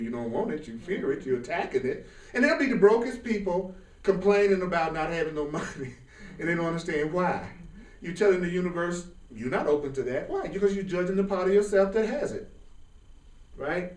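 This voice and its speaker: A man giving an informal spiritual class, talking in a lively, colloquial way and often laughing. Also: on the high side, brisk. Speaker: spiritual teacher. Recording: roomy sound from a distant mic.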